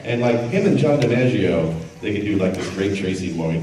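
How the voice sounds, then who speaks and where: A man's voice: low-pitched, moderate pace. A middle-aged man, a voice actor, joking with a convention audience and drifting off on tangents. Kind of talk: casual convention panel talk. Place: large convention hall. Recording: echoey hall, taped from far off, crowd noise. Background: audience laughter and crowd.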